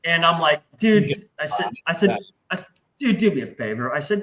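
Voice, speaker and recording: A man telling a long anecdote in casual podcast talk, profane and animated, acting out the voices in his story. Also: on the high side, normal speed, a little hiss or hum, low-quality recording.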